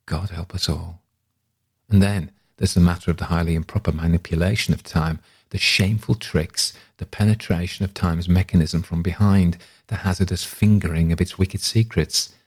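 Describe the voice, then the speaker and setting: A man reading a literary story aloud in a measured, reflective way. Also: low-pitched, steady tone, a little mellow, slightly rough. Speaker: reader.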